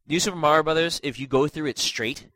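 A man's voice: on the high side, quick pace, a bit bright, no room sound, low-quality recording. A young man with a stuffy nose hosting a casual gaming podcast, rambling with lots of fillers and self-deprecating asides. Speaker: podcast host.

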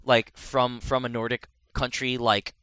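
A man's voice: medium pitch, level tone, measured pace, pushed and bright, clear, resonant tone, dry recording. A man in casual podcast chat, rambling and correcting himself as he reviews a game. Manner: rambling, self-correcting, chatty.

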